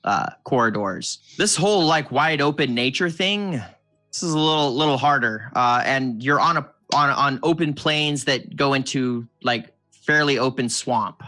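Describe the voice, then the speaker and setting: A man's voice: medium pitch, moderate pace, pushed and bright, dry recording, soft background music. A man narrating a tabletop game as game master, descriptive and given to restarts.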